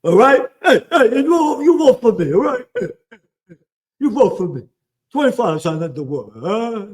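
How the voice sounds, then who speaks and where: A man's voice: very high-pitched, sing-song, normal speed, voice pushed up. A man putting on a mocking voice of a boastful, smug male politician. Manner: taunting, sing-song mockery.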